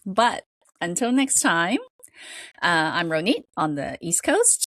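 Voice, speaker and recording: A woman co-hosting a podcast in casual chat, talking haltingly with many fillers and restarts and laughing between phrases. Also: fairly low pitch, sing-song, fairly bright tone, dry recording. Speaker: podcast co-host.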